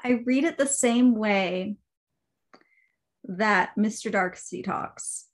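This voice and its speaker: A woman co-hosting a casual book-club chat, easygoing, laughing often and quick to agree. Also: medium pitch.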